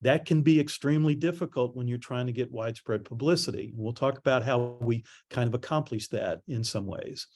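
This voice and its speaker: A man's voice: medium pitch, fairly quick, few pauses. Conversational man presenting on PR. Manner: conversational storytelling, animated quoting. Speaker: public relations presenter. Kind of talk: conference presentation.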